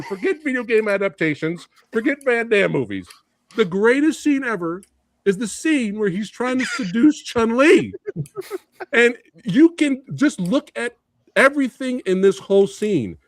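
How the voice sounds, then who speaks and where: A man's voice: extremely high pitch, a bit bright, dry recording, studio quality. A middle-aged man co-hosting a casual movie debate, laughing often and quoting lines. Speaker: podcast co-host.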